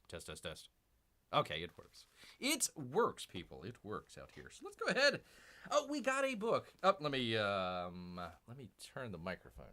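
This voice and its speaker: A man's voice: on the low side, bright, forceful tone. Rambling man who calls himself Bear. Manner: rambling, with many fillers and restarts; keeps addressing viewers as "people". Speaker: live-stream comic book reviewer. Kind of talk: casual live-stream chat.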